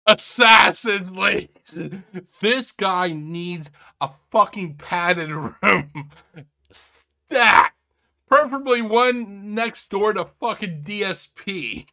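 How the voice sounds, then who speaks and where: A man hosting a reaction video, laughing often, swearing and mocking what he watches while addressing viewers as ladies and gentlemen. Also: high voice, lively intonation, slow pace. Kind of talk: casual reaction commentary.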